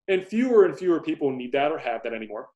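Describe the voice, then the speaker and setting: A man, a guest investor in an interview, explaining in a measured, conversational way and often repeating a word as he starts a thought. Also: on the high side, big pitch swings, a little mellow, muffled recording.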